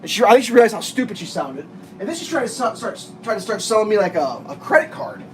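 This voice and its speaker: Man, high voice, exasperated storytelling rant, faint background hiss, home kitchen vlog. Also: big pitch swings, fast talker. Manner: exasperated, restarts often, laughs at own story. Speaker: vlogger. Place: home kitchen, making breakfast.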